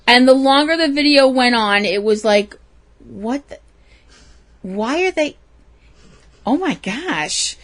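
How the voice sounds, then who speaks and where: A woman co-hosting a casual talk show, telling a story with lots of laughs and animation. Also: sits high. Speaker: podcast co-host. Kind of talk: casual chat.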